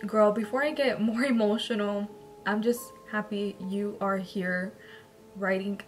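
A woman's voice: medium pitch, fairly even intonation, measured pace. A woman YouTuber reading viewer-sent paranormal stories aloud, breaking off into emotional, chatty asides with tearful laughter. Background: soft background music.

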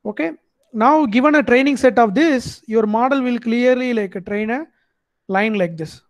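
A high-pitched man with an Indian accent explains his lecture step by step and keeps checking in with his listeners. His voice sounds dry and close. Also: normal speed, no room sound. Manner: explanatory, checks in with frequent "okay". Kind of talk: online lecture.

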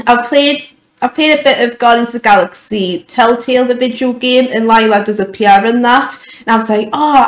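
A woman's voice: medium pitch, reverberant, low-quality recording. A young woman giving an emotional, gushing reaction to a film trailer, stumbling over her words as a YouTube vlogger. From United Kingdom.

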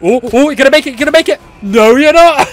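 A man narrates his own gameplay in a high, lively voice, veering from shouts and curses to quick, chatty asides. He laughs easily and talks straight to his viewers. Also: dry recording. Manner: excitable, yelling and swearing at the game. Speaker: gaming channel host. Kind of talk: let's play commentary.

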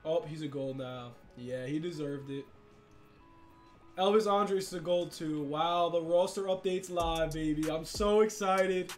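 A young man commenting on a sports video game, hyped and slangy, swinging from shouts to mutters. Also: high-pitched, unhurried, faint music behind. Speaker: gaming YouTuber.

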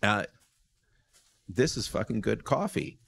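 A man's voice: lowish voice, measured pace, vocal fry. An American man, a lawyer and guest on a podcast, chatting casually and telling stories, restarting sentences with many "you know"s. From United States. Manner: animated storyteller.

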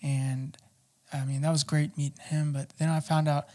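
A man telling his personal testimony as an interview guest, talking haltingly with many fillers and restarts. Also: fairly high pitch, flat delivery, darkish tone.

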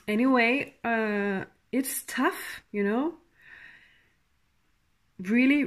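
A woman with a mid-range voice gives a tarot reading. She speaks haltingly and emotionally, with sighs and soft laughs.

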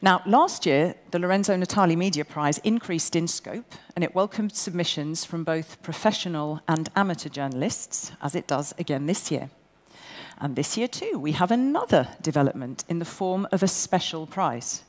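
A woman hosts a live award ceremony, brisk, bossy and quick with a joke. Her voice sits on the low side for a woman. Her words ring out with a long reverb through a large event hall. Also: animated. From England. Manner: bossy, brisk and jokey with the audience. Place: large indoor event venue.

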